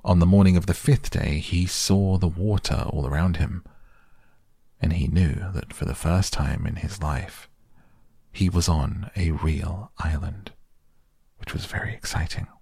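A man softly narrating a children's book as a bedtime audiobook, slow and gentle. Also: deep voice, slightly rough, no echo, studio quality. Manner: slow, gentle and soft-spoken. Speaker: podcast host and reader.

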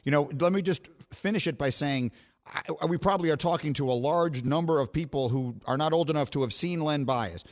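A man's voice: fairly high pitch, a little fast. A man hosting a sports radio interview, asking his guest questions in a conversational way. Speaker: radio host.

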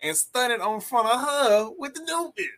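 A man's voice: very high voice, expressive, normal speed, bright, forceful tone. A young man co-hosting a casual podcast, joking around and acting out movie scenes as he talks. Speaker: podcast co-host. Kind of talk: casual chat.

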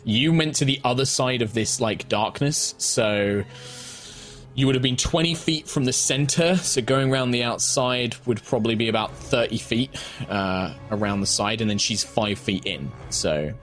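A man's voice: mid-range voice, moderate pace, soft background music. A man running a tabletop game as game master, narrating and explaining rules with plenty of fillers. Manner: relaxed, descriptive, with frequent fillers.

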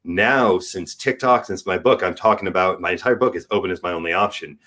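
A man in his forties speaking as a guest, frank and earnest, his delivery swinging between soft and emphatic. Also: low-pitched, brisk. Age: 40s. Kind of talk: candid podcast conversation.

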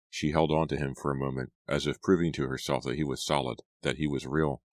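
A man reading an audiobook aloud, with measured, dramatic narration. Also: rumbling low, flat delivery, no room sound.

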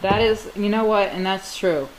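A young woman from Georgia co-hosting a podcast in casual chat, blunt and joking, often trailing into low mutters. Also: normal speed, low-quality recording. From Georgia, USA. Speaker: podcast co-host. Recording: faint background noise.

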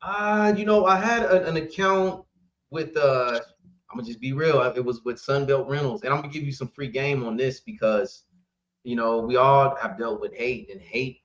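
An animated man tells trucking stories as a podcast guest and acts out the people in them with bursts of laughter. His voice sits at an ordinary pitch. The recording is roomy and a little dull. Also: normal speed. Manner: animated storyteller, acts out dialogue, laughs often. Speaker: trucking company owner, guest. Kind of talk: casual storytelling interview. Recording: roomy, slightly dull sound.

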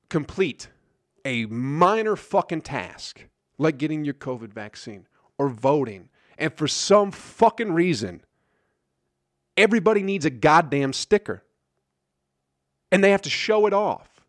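A man's voice: fairly high pitch, dry recording, studio quality. A man hosting a solo podcast, ranting in a grumpy, sarcastic, profane way. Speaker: podcast host.

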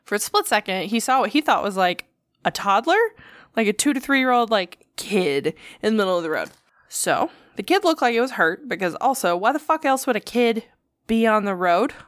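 On a podcast she co-hosts, a woman tells a story in loose, profane banter and acts out the quotes. Her mid-range voice has lively intonation and a moderate pace, and the studio recording is clean with no echo.

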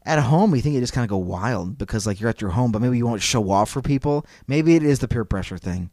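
A man's voice: mid-range voice, animated, quick pace, darkish tone. A man hosting a podcast, talking in a loose, rambling way full of "like" and other fillers. His voice sits in an ordinary middle range, playful as he tells a story. The sound is dry and close, with no room echo. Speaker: podcast host. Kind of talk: casual chat.

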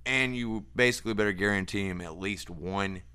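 A man with a low voice co-hosts a relaxed sports chat. He talks in an easygoing, hesitant way, pausing on fillers as he gathers his thoughts. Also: clean tone. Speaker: podcast co-host. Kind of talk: casual sports talk.

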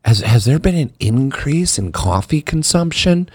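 Animated middle-aged man telling stories. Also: medium pitch, husky, dry recording, clean studio sound. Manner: animated storytelling, quick laughs. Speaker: guest. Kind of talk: casual interview chat.

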